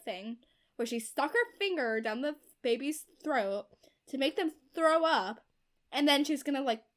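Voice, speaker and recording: A young woman casually retelling a novel's plot, leaning on "like" and acting out the characters' lines. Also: high voice. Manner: chatty, heavy use of "like" as filler; acts out characters' quoted lines.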